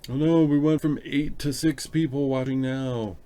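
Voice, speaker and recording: A man's voice: mid-range voice, fairly even intonation, moderate pace, mellow. A man hosting a casual live stream, chatting and thinking aloud as he works, a little self-conscious, in a room at home. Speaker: live stream host editing photos. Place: room at home with an open window.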